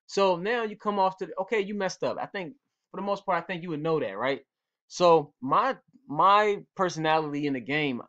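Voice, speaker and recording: A man who coaches football talks casually and in slang to young players, acting out sideline exchanges as he tells stories. His voice sits a little high for a man. The recording is dull and lo-fi. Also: a bit bright. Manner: laid-back, slangy, storytelling with quoted exchanges. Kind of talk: casual instructional talk.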